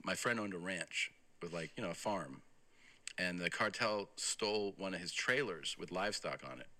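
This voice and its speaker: A man telling a story on a podcast in a casual, profane way, quoting the people in it. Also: low-pitched. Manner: profane, animated storytelling that quotes others. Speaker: podcast guest. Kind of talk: casual anecdote.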